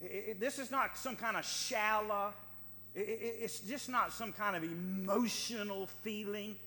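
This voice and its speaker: A man's voice: sits high, a little slow, sharp tone. A man preaching a sermon as pastor, with emphatic delivery that repeats phrases for stress. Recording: long hall reverb.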